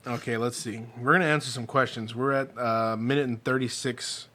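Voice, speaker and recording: A man's voice: mid-range voice, fairly even intonation, brisk, pushed and bright. A man co-hosting a casual podcast chat, rambling and swearing, often acting out quotes from shows. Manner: profane, rambling, acts out quotes. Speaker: podcast co-host.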